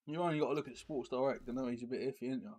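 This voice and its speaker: A man's voice: mid-range voice, racing, darkish tone. A man chatting casually while live-streaming a football video game, rambling and full of tag questions.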